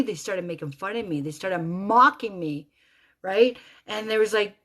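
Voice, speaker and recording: A middle-aged woman telling a personal story as a rambling monologue, animated and swearing freely, with lots of asides. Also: mid-range voice, moderate pace.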